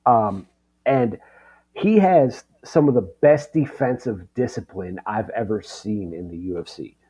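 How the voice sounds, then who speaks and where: A man co-hosting a podcast, giving casual fight analysis in a halting way, with many ums. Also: fairly low pitch, expressive, warm tone, husky. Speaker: podcast co-host.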